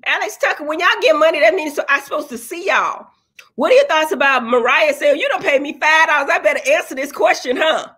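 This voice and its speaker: Brief: high-pitched woman, blunt and profane, livestream host. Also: fairly quick. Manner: blunt, profane, preachy and animated. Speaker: livestream host answering viewer comments. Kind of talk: casual livestream chat.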